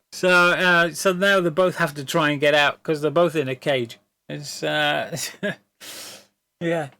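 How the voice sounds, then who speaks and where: Bright-voiced rambling man. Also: a little high, steady tone, unhurried, gravelly, no room sound. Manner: rambling, stammering storyteller who laughs often. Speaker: streamer. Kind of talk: casual chat.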